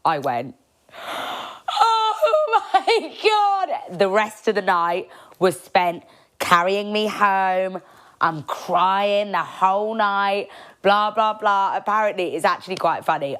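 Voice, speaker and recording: A young woman tells a personal story on her podcast. She is chatty and animated, with a slightly low voice, and she acts out what people said and laughs along as she goes. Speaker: podcast host.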